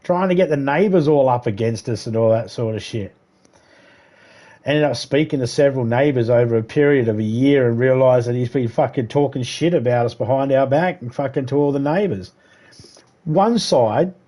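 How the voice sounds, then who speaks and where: A man's voice: medium pitch, dark tone. An Australian man on a livestream telling rambling stories in a profane, sarcastic, casual way. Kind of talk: casual storytelling chat.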